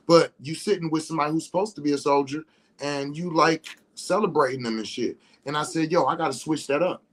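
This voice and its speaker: A man's voice: a little high, brisk, a bit bright. Rambling man talking on a livestream. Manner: rambling, repeats "you know what I'm saying". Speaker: livestream host. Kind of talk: casual livestream monologue.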